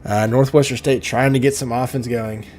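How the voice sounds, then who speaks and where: A man's voice: mid-range voice, fairly even intonation, normal speed, darkish tone, faint music behind. Joking young man calling league game. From Oklahoma. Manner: joking, laughs often, fumbles names. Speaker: play-by-play commentator. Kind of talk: video game league commentary.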